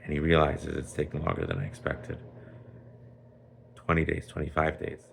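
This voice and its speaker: A rabbi spins a children's tale in a lively, chatty way, sprinkling in Yiddish and Hebrew words. His voice is extremely deep with a gravelly rasp, over a faint hiss. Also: moderate pace. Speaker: rabbi storyteller. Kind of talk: animated storytelling for children.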